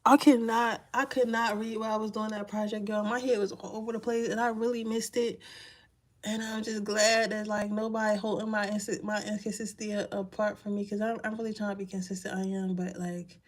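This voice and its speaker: A woman's voice: mid-range voice, level tone, a little fast. A woman giving casual live-stream tarot readings, chatty and slangy, laughing often. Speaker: tarot card reader.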